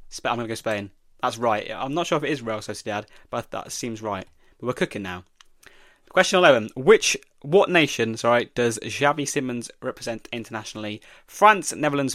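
Male host, young, mid-pitched, dry recording; muses his way through a play-along quiz. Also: a bit bright, dry recording. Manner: thinks aloud, reading questions and guessing. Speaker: podcast host. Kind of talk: solo football quiz podcast.

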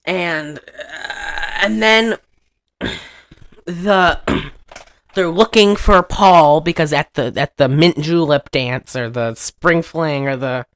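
A woman hosting a casual chat, rambling through a movie recap, often laughing and clearing her throat. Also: low voice, slow pace, dry recording, clean studio sound. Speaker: podcast host.

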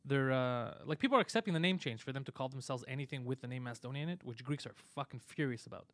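A man hosting a live show, giving a fast, opinionated rant full of swearing. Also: mid-range voice, a bit bright, no room sound. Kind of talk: casual live-stream chat.

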